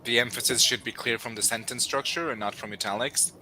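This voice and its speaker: A man's voice: mid-range voice, quick pace, over a noisy crowd, rough recording. A man co-hosting a live writing stream, dry-humored and inquisitive, asking pointed questions. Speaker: writer co-host of a writing stream. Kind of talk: casual chat on a live stream.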